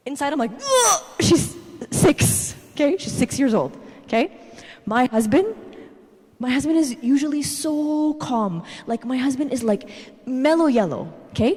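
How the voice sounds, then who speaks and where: A woman in her thirties giving a parenting talk at a church, telling animated personal stories and tagging her points with "okay?". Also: sits high, measured pace, slightly rough. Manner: animated storytelling, tags lines with "okay?". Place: church hall. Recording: reverberant church hall.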